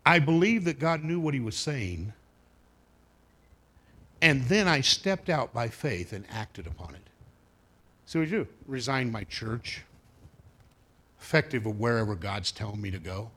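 A man with a husky, slightly breathy voice delivers a sermon from the pulpit. He is a pastor who tells stories in a folksy, conversational way and drops wry asides to his congregation. His pitch sits in the ordinary middle range for a man. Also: very animated, unhurried, long pauses, fairly bright tone.

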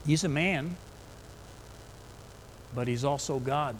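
A man's voice: mid-range voice, takes it slowly, a little hiss or hum, low-quality recording. A man preaching a sermon in an earnest way, retelling scripture in plain everyday words.

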